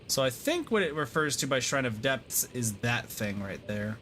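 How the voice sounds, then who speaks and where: A man's voice: mid-range voice, sing-song, moderate pace, bright, forceful tone, a little hiss or hum. A man streaming a game, giving casual, rambling, self-deprecating commentary with lots of fillers.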